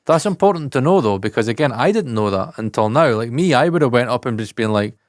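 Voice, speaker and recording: A Scottish man co-hosting a podcast about audio engineering, talking excitedly and swearing freely. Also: quick pace, no echo, studio quality. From Scotland. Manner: excitable, swears freely, jumps pitch in animated asides. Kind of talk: casual podcast chat.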